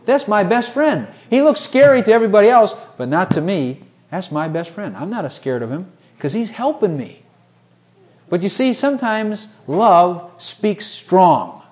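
A man preaching a sermon, swinging from hushed, personal asides to loud, ringing scripture quotes. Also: high-pitched, sing-song, measured pace.

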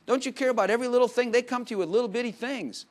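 A man preaching a sermon in a conversational way, dropping to quiet asides and rising to loud emphatic bursts, with frequent laughs. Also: very high-pitched, very fast. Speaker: pastor.

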